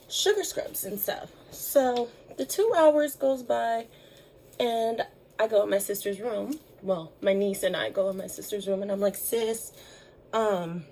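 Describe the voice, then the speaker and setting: A woman's voice: medium pitch, darkish tone, a little hiss or hum, low-quality recording. A young woman telling a story in a chatty vlog, with lots of fillers, voicing the people she quotes. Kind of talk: casual storytime chat.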